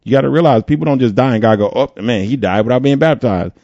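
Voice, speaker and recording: A man's voice: medium pitch, quick pace, creaky, a little mellow, no echo, dull audio. A man preaching a conversational sermon as pastor, with playful asides.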